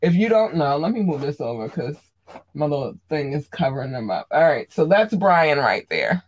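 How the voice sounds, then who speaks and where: A host of a live streamed show, chatting casually with viewers, excitable and gushing, tripping over words. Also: medium pitch, normal speed. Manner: addresses viewers directly, chatty.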